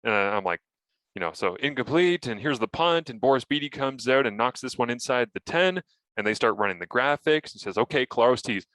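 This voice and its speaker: A man co-hosting a casual sports podcast, telling animated stories and acting out his own broadcast lines. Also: mid-range voice, brisk, dry recording. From Canada.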